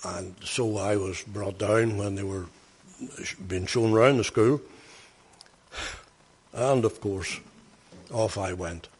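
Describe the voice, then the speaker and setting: An older man preaches in a storytelling style. His husky voice slips into plain anecdote and then swells into emphatic bursts. The sound rings with the long reverb of a large hall. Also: fairly low pitch, slow pace, pauses often. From Northern Ireland. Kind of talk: sermon storytelling.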